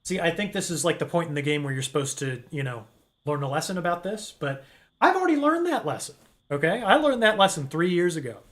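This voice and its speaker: A man's voice: fairly high pitch, very animated, quick pace, a bit bright. A man giving rambling, joking commentary while playing a horror game. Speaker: gaming streamer. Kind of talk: let's play commentary.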